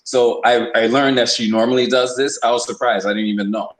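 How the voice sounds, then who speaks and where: A man's voice: medium pitch, steady tone, fairly quick. Rambling man in an echoey room. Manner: rambling, emphatic, lots of restarts. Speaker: podcast host. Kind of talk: casual opinion talk.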